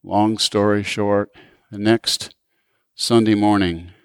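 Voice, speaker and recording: A man preaching a sermon and telling a story, swinging from raised, emphatic lines down to hushed asides. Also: fairly low pitch, clean tone, dry recording.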